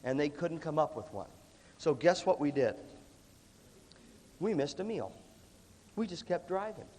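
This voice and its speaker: A man giving an animated motivational leadership talk to music students, emphatic and punchy, with a cough that breaks in now and then. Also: on the high side, a little slow, long pauses, a little hiss or hum. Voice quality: lively, emphatic delivery with repeated punchy phrases. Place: large hall with an audience. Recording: long reverb of a large hall.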